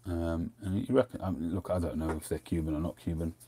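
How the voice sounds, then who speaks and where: A man's voice: low-pitched, fairly even intonation, fast talker, dark tone, slight background noise. A middle-aged man, hosting a casual livestream chat, rambling and drifting off topic as he talks. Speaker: host.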